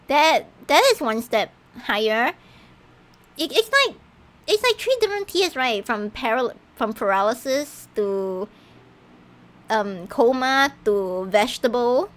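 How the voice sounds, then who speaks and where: A woman streamer chatting casually over her gameplay, giggly and animated, often tripping over her words and restarting. Her voice sits fairly high and swings widely in pitch. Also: unhurried.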